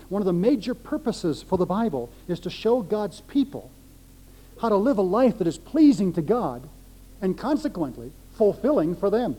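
A man's voice: high-pitched, very animated, normal speed, warm tone. A male pastor preaching a sermon, emphatic, repeating phrases for stress.

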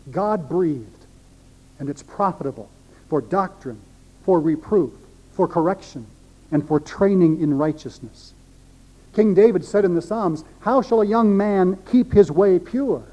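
A male pastor delivering a sermon in an emphatic way, repeating key phrases. His voice sits high for a man but sounds mellow and dark in tone.

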